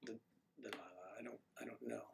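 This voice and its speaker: A man's voice: medium pitch, monotone, normal speed, gravelly, a little mellow. Coughing man chatting on a livestream. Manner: rambling, chatty, joking with the chat. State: has a cough. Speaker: livestream host. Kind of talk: casual livestream chat answering viewers. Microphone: microphone on a stand he keeps adjusting.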